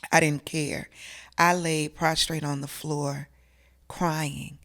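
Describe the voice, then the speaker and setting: A woman's voice: low voice, level tone, slow pace, fairly bright tone. A middle-aged woman, from South Carolina, telling a personal story as an interview guest in an emotional, earnest, conversational way.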